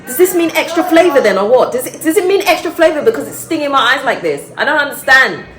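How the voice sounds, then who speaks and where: Expressive woman vlogging from a roomy kitchen. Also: high-pitched, fast talker, a crowd in the background. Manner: expressive, exclaiming, talks to camera. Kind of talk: casual vlog chat. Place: home kitchen.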